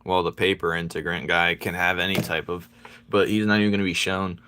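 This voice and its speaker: Low-voiced man chatting on a stream. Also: level tone, fairly quick, bright, forceful tone, a little hiss or hum. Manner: rambling, answers viewer chat, low-key. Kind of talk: casual livestream chat.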